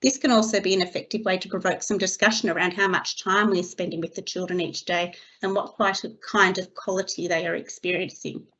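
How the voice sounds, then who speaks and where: A woman giving a scripted training webinar for early childhood educators, reading her slides in a steady, measured way. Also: lowish voice. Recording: slightly dull lo-fi recording.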